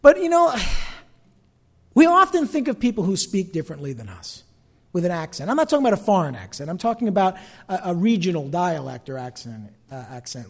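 A man's voice: sits high, big pitch swings, fairly quick, long reverb tail. A man with a North Jersey accent, preaching a sermon in a chatty way, full of asides and questions to the congregation. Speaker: pastor.

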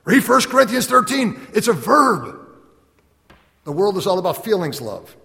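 A man preaching a sermon as a pastor, animated, acting out little dialogues and laughing often. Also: sits high, moderate pace, creaky. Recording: long hall reverb.

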